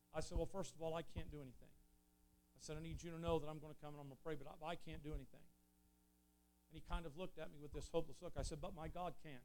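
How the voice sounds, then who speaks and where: A preacher telling an earnest story in a sermon, swelling loud and then dropping low. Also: male voice, a little hiss or hum. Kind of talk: sermon testimony.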